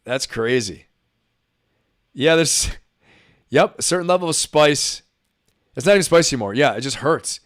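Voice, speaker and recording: A man's voice: medium pitch, lively intonation, normal speed, long pauses. Chatty man laughing through a live reaction stream. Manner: chatty, laughs often, talks to chat viewers. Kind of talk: casual reaction commentary.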